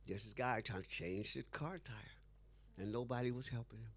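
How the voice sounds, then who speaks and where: A man's voice: medium pitch, moderate pace, fairly bright tone. A man being interviewed who tells a story with animation, acting out the dialogue and laughing often. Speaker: interview guest.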